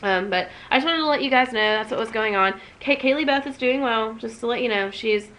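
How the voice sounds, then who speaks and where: A young adult woman vlogs at home in a casual, emotional way, rambling and restarting often. Her voice is a little high, bright, and slightly fast, and the recording is rough.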